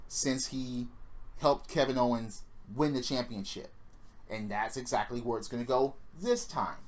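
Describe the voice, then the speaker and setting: A wrestling vlogger rants in a fury, swearing constantly and sneering sarcastically. The pitch swings a lot, leaping up on the angry outbursts and sinking on the muttered asides. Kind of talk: profane opinion rant.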